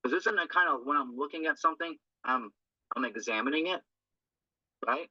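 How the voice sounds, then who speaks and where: A slightly high, very bright and forward male voice speaks informally on a recovery reading, earnest and rambling, frequently adding a quick tag question for listeners. The lo-fi recording is dry and dull, with no room sound.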